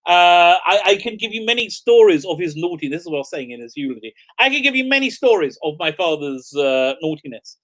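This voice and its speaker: A man's voice: high-pitched, very animated, fast talker, hardly any pauses, fairly bright tone. Middle-aged man, rabbi hosting a casual livestream, rambling storytelling, laughs often, stumbles and restarts. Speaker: rabbi and show host.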